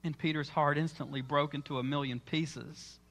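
A man's voice: on the high side, fairly even intonation, moderate pace, vocal fry, a bit bright. A man preaching a sermon in church, telling the story with dramatic, acted-out lines. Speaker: pastor.

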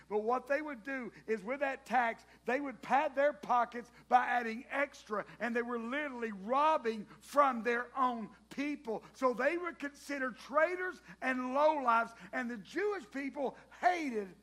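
A male pastor, preaching a sermon as an animated storyteller who jokes with the congregation. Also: extremely high pitch, measured pace, few pauses.

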